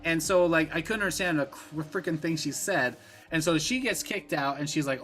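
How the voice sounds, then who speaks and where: High, bright-voiced animated man. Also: a little fast, soft background music. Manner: animated, acts out scenes with voices. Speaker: podcast co-host. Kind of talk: casual movie discussion.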